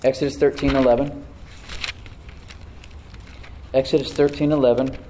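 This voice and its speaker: A middle-aged male pastor preaching a sermon, often asking the congregation questions and swinging between loud emphasis and hushed asides. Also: medium pitch, flat delivery, moderate pace, a little hiss or hum, poor audio.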